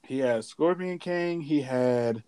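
A young man co-hosting a casual podcast chat, telling stories with lots of laughter and quick impressions of others. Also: mid-range voice, clean tone. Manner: animated storytelling, mimics others, laughs often. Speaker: podcast co-host.

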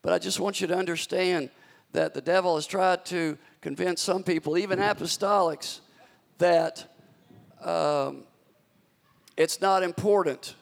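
A man's voice: fairly high pitch, gravelly. A man preaching a sermon as pastor, stretching out scripture phrases with dramatic emphasis. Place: church sanctuary. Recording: long hall reverb.

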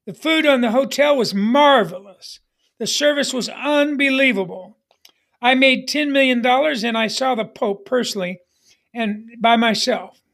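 A contented traveling salesman telling how his trip went, as a preacher puts him on in a sermon joke. He speaks slowly and plainly, in a voice close to the speaker's own. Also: medium pitch, gravelly, fairly bright tone. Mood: pleased. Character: cheerful traveling salesman, a man. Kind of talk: joke told within a sermon.

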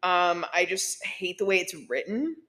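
A young woman co-hosting a podcast, talking in a blunt, animated way and swearing freely. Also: fairly low pitch, unhurried. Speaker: podcast co-host. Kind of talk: casual chat.

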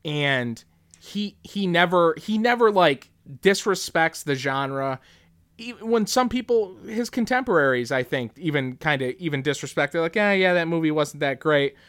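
A man's voice: on the high side, expressive, moderate pace, fairly bright tone. A man hosting a podcast, telling a story in a casual, rambling way full of restarts. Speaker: podcast host.

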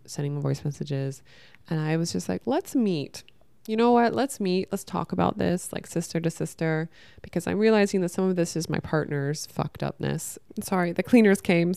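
A woman's voice: on the low side, creaky, darkish tone, clean tone, dry recording. A young woman telling a personal story to camera, emotional and rambling, full of restarts and quoted dialogue, recorded at home. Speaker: vlogger.

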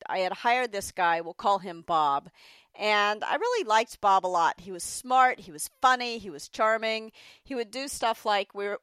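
A middle-aged woman, an interview guest and author, telling candid stories with lively quoted voices. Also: mid-range voice, smooth, no room sound. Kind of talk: storytelling in an interview.

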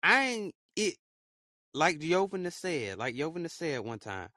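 A man's voice: on the high side, big pitch swings, unhurried, bright, forceful tone, no room sound, clean studio sound. A young man hosting a casual solo podcast, talking in a rambling, repetitive, heartfelt way. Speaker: podcast host.

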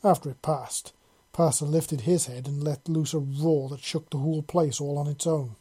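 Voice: mid-range voice, steady tone, moderate pace, mellow, husky. A narrator reading a fan fiction story aloud in a casual way, correcting slips as they go. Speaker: audiobook narrator.

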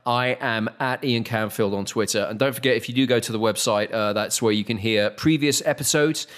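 A man hosting a casual podcast chat, ranting with exasperation and climbing higher when he gets worked up. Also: a little fast, a bit bright. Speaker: podcast host.

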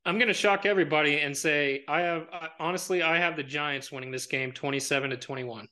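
Bright-voiced man making bold sports picks. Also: fairly high pitch, fairly quick. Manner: rambling with many fillers and restarts; confident bold predictions. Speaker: sports pundit. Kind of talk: casual sports talk.

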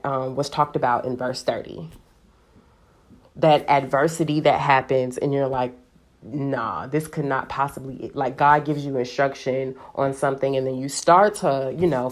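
A woman with a low voice teaching from the Bible in a relaxed, conversational way. She talks animatedly, sprinkling her speech with "like". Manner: chatty, animated, heavy use of "like". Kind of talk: casual devotional teaching.

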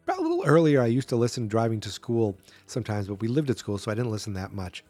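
A man's voice: medium pitch, big pitch swings, fast, a little mellow, no room sound. Man, podcast host, rambling casual commentary, dry close mic, faint music underneath. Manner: chatty, rambling, acts out quotes in a raised voice. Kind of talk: casual solo movie commentary.

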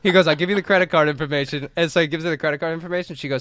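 A young man with a slightly high voice tells a story at full tilt, swearing freely and jumping into the voices of everyone in it. His voice is recorded close and dry, with almost no room sound. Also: racing, hardly any pauses, no echo. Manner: animated, profane, acts out quoted voices. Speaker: podcast co-host. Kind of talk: casual storytelling chat.

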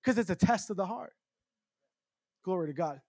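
A man preaching a revival sermon, firing off repeated rhetorical questions and building up to shouts. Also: sits high, animated, normal speed, dry recording, studio quality.

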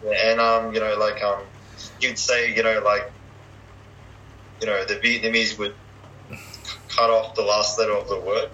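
Give me a bright, tense-sounding young man. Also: lowish voice, flat delivery, moderate pace, pauses often, muffled recording. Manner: hesitant, full of fillers and restarts. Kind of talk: casual chat.

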